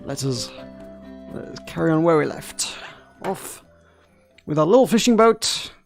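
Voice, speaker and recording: A man's voice: on the high side, animated, unhurried, vocal fry, faint music behind. A man giving casual live-stream commentary over a game, chatty and playful, talking along as he plays. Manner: chatty, playful, talks along with his play.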